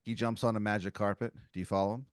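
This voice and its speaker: A man's voice: on the low side, steady tone, fast, smooth, no echo, studio quality. A man hosting a comedy podcast, narrating an improvised story with lots of filler words. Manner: rambling, heavy on filler words. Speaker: improv game master.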